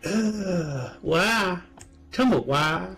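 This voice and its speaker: A man's voice: high voice, lively intonation, very slow, over a noisy crowd. A man trolling strangers in online voice chat, mocking and teasing in a sing-song way.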